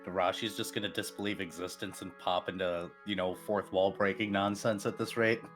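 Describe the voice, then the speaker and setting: A man playing a tabletop game, quick and animated, prone to giggling. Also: low voice, faint music behind. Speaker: player. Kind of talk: casual tabletop game chat.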